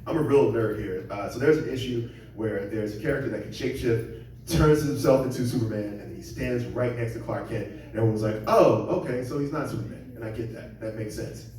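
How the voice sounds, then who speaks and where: This stand-up from around Seattle pokes fun at himself in a meandering club set, slipping into voices when quoting others. His voice is fairly low and mellow, a bit quick. Expect heavy echo, a distant mic and a faint hiss or hum.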